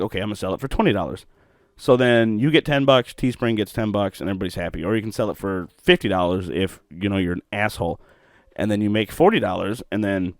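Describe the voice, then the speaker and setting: A young man hosting a podcast from home, telling stories in a profane, animated way with bursts of laughter. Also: on the low side, no room sound, studio quality. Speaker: podcast host. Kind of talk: solo podcast monologue.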